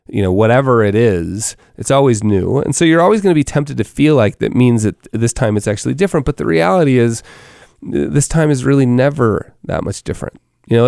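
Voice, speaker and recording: A man's voice: mid-range voice, gravelly, a little mellow, smooth, no echo, studio quality. A man who works as a financial advisor, talking casually to other advisors, repeating himself and tossing in frequent "right?" asides. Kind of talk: coaching talk to fellow advisors.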